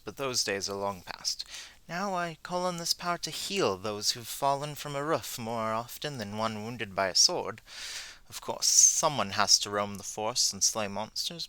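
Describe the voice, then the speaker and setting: A man voicing a humble middle-aged male high priest who speaks in a measured, earnest way. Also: pushed and bright, clean tone, dry recording.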